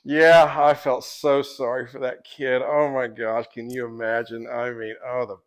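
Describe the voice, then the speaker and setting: A man's voice: medium pitch, level tone, normal speed. A man who guides visitors and writes a guidebook. He tells stories in a rambling, chatty way and often breaks into laughter. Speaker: tour guide and guidebook author. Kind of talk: casual podcast storytelling.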